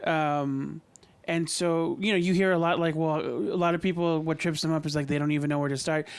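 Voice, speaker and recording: Man, podcast co-host, casual chat, filler-heavy explaining, clear smooth tone. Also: fairly high pitch, fairly even intonation, brisk. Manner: explaining at length with many fillers.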